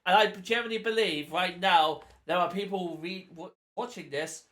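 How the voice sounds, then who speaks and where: A man's voice: high voice, moderate pace, a bit bright. A man co-hosting a games podcast, giving blunt, emphatic verdicts and swearing for effect. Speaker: podcast co-host. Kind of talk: casual chat.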